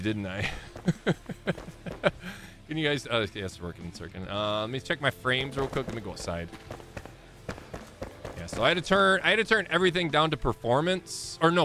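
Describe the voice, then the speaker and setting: A man's voice: medium pitch, pushed and bright. A man in his thirties hosting a live game stream, chatting casually and rambling, often correcting himself and laughing.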